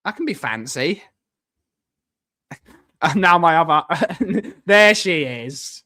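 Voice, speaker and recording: A man's voice: a little high, lively intonation, pushed and bright, no room sound, studio quality. A man with an Essex accent, chatting casually on a live stream as he reads and answers viewer comments, stretching words out for emphasis. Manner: drawn-out emphatic words, muttering while reading comments.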